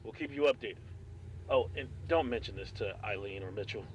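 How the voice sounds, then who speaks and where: Man voicing game character giving instructions, brisk, fairly low voice, faint hiss. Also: close to an everyday voice, poor audio. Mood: instructing.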